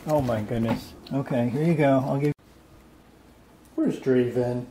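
A man's voice: mid-range voice, slow, long pauses. An older man, a grandfather, talking playfully with small children at home in a coaxing, sing-song way. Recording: noisy home video.

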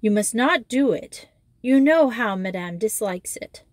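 A woman reading aloud voices a prim schoolmistress scolding girls for shouting. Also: a little high, lively intonation, unhurried, dry recording, studio quality. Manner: scolding, dismayed. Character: shocked, strict young schoolmistress.

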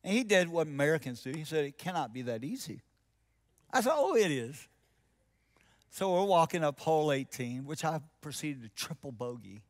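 In his sermon, a preacher with a slightly high voice narrates a story at normal speed, his pitch swinging widely. He performs both sides of a dialogue and turns soft and intense when making his central points.

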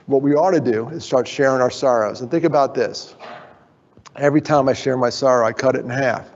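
A man's voice: mid-range voice, brisk, a little mellow. A middle-aged man gives a motivational conference talk. He jokes with the crowd and gets them involved, then turns earnest. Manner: jokey, draws in the audience, then turns earnest. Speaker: keynote speaker. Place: conference hall. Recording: dull, echoey hall sound.

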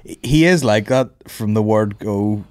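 A man chatting on a podcast in a rambling, halting way, as a fellow comedian. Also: on the low side, darkish tone, no echo, clean studio sound. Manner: rambling, halting, full of restarts. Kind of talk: casual podcast chat.

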